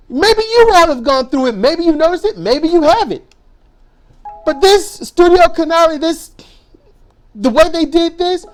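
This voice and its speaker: A woman ranting angrily in a vlog. She swears a lot, hammers her points, and stumbles over repeated words when worked up. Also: high voice. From United States. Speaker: YouTuber.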